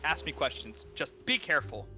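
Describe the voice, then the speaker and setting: A blunt, snooty little shelled critter, put on by a man trading deadpan insults in a comedy game stream. The voice is very bright and cutting, pitched slightly high, and swings widely in pitch. Faint game music plays underneath. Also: a little fast, full character voice. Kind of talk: improvised game character voice.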